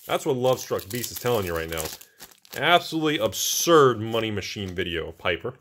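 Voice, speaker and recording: Excitable male host, low voice with big pitch swings, jokey pack-opening commentary. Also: moderate pace, slight background noise.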